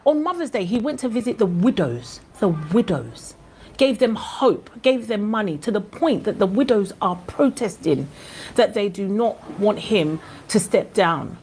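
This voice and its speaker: A woman's voice: mid-range voice, expressive, measured pace, a little mellow, slight background noise. A woman from Ghana with a Ghanaian accent, giving an impassioned commentary vlog in a passionate, indignant way. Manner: passionate and indignant, with fillers and restarts. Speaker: vlogger.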